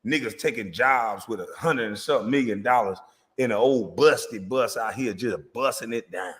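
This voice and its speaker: A man's voice: mid-range voice, moderate pace, a bit bright. A man ranting boastfully and brashly in a casual vlog, speaking straight to viewers. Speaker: vlogger. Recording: long reverb.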